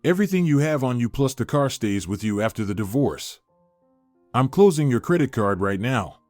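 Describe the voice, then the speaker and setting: A man's voice: mid-range voice, very animated, normal speed, darkish tone, dry recording, soft background music, lightly acted. A man voicing a cold, furious betrayed director. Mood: cold anger. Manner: cold, angry. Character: angry, betrayed middle-aged businessman.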